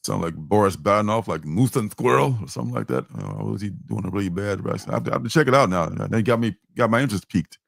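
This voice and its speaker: A man's voice: fairly low pitch, big pitch swings, racing, vocal fry, hardly any pauses, no room sound, clean studio sound. A man hosting a comic book livestream, chatting casually, joking and rambling with frequent chuckles. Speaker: livestream host.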